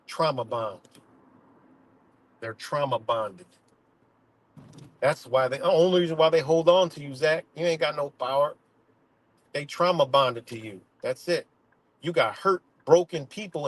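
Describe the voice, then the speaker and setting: A man's voice: on the high side, moderate pace. Heated, swearing man ranting live. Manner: profane, confrontational, repetitive. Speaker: streamer. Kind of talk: heated live-stream rant.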